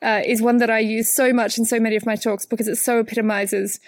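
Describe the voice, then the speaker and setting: A woman physicist and author talking through her work in an interview, enthusiastic and quick to laugh, with many fillers. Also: a little high, flat delivery, no room sound. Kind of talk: conversational interview.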